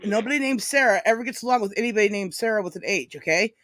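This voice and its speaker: A woman's voice: medium pitch, very fast, a bit bright, no echo, studio quality. A woman from California with a Californian accent, chatting bluntly and emphatically on a video call. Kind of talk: casual livestream chat.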